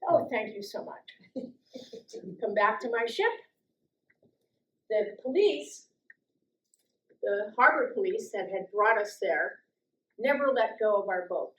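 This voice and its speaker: A middle-aged woman telling a personal story, lively and acting out the voices of the people in it. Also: takes it slowly, long pauses, echoey room, poor audio. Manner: lively, acts out quoted voices with big jumps in pitch and loudness. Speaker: storytelling guest speaker.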